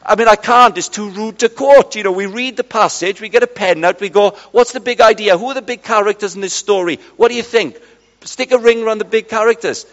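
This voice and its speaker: A middle-aged man preaching, telling lively stories and acting out conversations with his mates. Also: high-pitched, brisk. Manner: lively, chatty, acts out dialogue with friends. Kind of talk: storytelling sermon. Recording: dull sound in a large reverberant hall.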